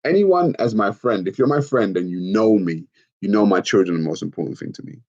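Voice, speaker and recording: Blunt, low-voiced British man streaming. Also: brisk, highs cut off. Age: adult with children. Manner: blunt, profane, animated, laughs often. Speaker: livestream host reading chat comments. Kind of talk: casual livestream talk.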